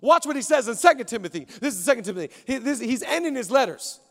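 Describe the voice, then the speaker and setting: A man preaching from a church stage with a strikingly high voice. He drives his points home through rhythmic repetition, rising to shouts and then dropping to a near hush, while a long reverb trails through the auditorium. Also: sing-song, quick pace, vocal fry. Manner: impassioned preaching, swinging from shouting to hushed. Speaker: pastor. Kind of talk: sermon.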